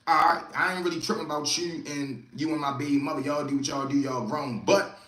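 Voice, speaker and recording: Speaking briskly with a reverberant sound, a high-leaning male host with a Baltimore accent spins casual, slang-filled stories. He's lively and loudly mimics the voices of anyone he quotes.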